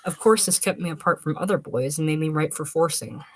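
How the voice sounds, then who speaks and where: A woman voicing a prim young man, earnest and precise, low voice, dry sound, audiobook reading. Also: brisk, slightly rough, dry recording. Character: earnest stiff young male scholar, prim.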